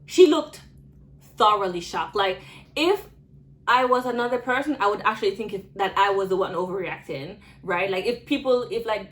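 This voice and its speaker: A woman's voice: medium pitch, fairly bright tone, low-quality recording. Young woman vlogger, casual and rambling, mid-range voice, full of fillers. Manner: rambling, filler-heavy retelling. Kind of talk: storytime vlog.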